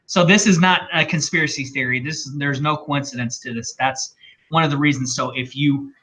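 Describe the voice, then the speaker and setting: A man's voice: on the high side, steady tone, fairly quick, sharp tone. A man co-hosting a casual livestream, ranting in a rambling, opinionated way. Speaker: co-host.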